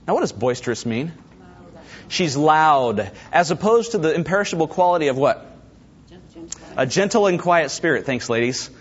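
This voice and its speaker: A man preaching a sermon, his husky voice riding a lively, swooping pitch as he acts out voices and turns to the congregation. The recording is dull and lo-fi. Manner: animated, acts out quoted voices, talks directly to congregation. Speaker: pastor.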